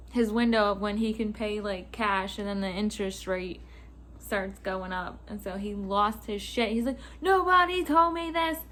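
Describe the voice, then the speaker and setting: A young woman telling a casual storytime rant about work, swearing freely, laughing and acting out customers in loud voices. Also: mid-range voice, a little hiss or hum. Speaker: vlogger.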